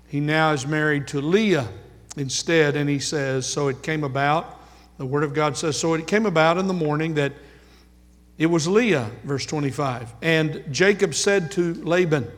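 A man preaching a sermon as pastor, earnest and measured, repeating key lines slowly for emphasis. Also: a little high. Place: church sanctuary. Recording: long church reverb.

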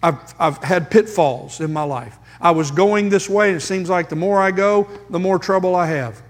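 A male pastor preaching a sermon, emphatic, with dramatic pauses and rhetorical questions, in a church sanctuary. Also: sits high. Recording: long hall reverb.

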